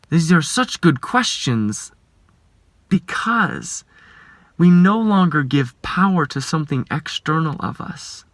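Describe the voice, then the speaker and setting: A man, a life coach, giving a reflective spiritual talk, earnest and measured, asking rhetorical questions and sometimes dropping to a hushed whisper. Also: on the high side, sing-song.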